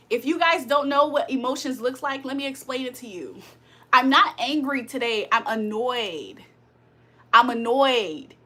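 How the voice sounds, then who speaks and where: A woman's voice: high-pitched, bright, forceful tone. A woman hosting a livestream of spiritual card readings, talking bluntly with heavy profanity, venting her irritation between readings. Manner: blunt, profane, annoyed venting with frequent laughs. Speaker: spiritual reader and livestream host. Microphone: streaming setup.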